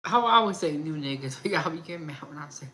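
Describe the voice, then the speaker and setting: Bright-voiced woman chatting casual gossip. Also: sits low, fast, a little hiss or hum, rough recording. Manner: chatty, animated gossip with laughs and asides. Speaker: host of a food and gossip channel. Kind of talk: casual chat about celebrity gossip.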